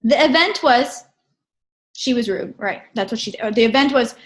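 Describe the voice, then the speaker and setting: A woman with a slightly high voice retells a training session to a group. She tells it as a lively, casual story and keeps checking in with her listeners along the way. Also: moderate pace. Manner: animated, checks in with listeners often. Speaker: presenter recapping a training event.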